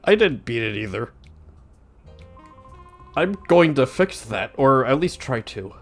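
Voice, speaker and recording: A man's voice: medium pitch, sing-song, moderate pace, pauses often, faint music behind. A man streaming himself playing a video game, chatting casually and joking about himself. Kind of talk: casual gameplay commentary.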